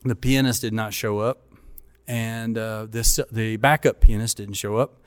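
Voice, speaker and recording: A middle-aged pastor telling a funny story in a casual chat, acting out the voices of the people in it. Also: male voice, on the low side, steady tone, measured pace, clear, resonant tone, dry recording.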